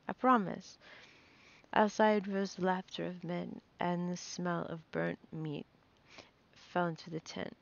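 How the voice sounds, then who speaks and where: A woman's voice: lowish voice, steady tone, unhurried, creaky, a little mellow, muffled recording. A woman reading a fantasy novel aloud, nervous, stumbling and correcting herself as she goes. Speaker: reader.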